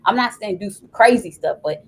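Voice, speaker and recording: A woman's voice: medium pitch, animated, a little fast, slight background noise, poor audio. A woman guest on a podcast, talking earnestly and giving advice in casual conversation.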